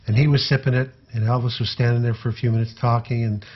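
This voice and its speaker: An older man, a former tour manager, telling personal anecdotes in a relaxed, halting way. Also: medium pitch, breathy edge, muffled recording. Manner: relaxed, halting storyteller with fillers.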